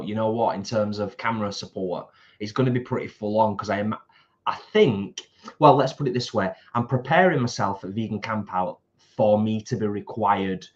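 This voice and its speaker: A man's voice: fairly low pitch, highs cut off. A British man co-hosting a live stream, chatting casually, reading out viewer comments and laughing easily.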